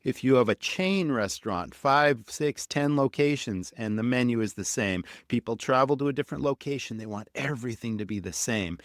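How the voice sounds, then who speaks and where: A man's voice: mid-range voice, moderate pace, hardly any pauses, dry recording, clean studio sound. A man hosting a restaurant podcast, asking earnest, emphatic questions. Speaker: podcast host. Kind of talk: interview podcast.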